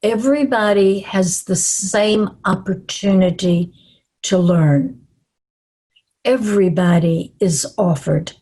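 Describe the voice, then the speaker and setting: An older woman from the American South with a Southern accent, presenting at an online summit in a slow, calm and reassuring way. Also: fairly low pitch, slightly rough. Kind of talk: webinar presentation.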